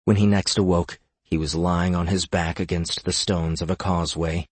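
A man reading a fantasy audiobook with a deep, husky voice. His storytelling is measured and steady. The sound is dry and close to the mic. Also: dry recording. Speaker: narrator. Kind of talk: scripted fantasy audiobook narration.

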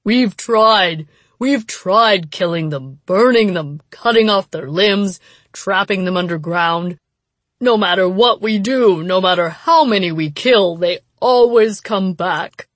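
A woman's voice: mid-range voice, takes it slowly, no room sound. A woman voicing an older male village headman who pleads in a shaking, terrified voice. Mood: pleading.

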